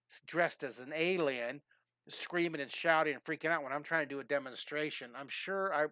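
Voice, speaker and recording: Man, fifties, drawing teacher, energetic, rambling, slightly high, bright. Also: clean tone, dry recording. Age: 50s. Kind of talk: live-streamed drawing lesson with storytelling.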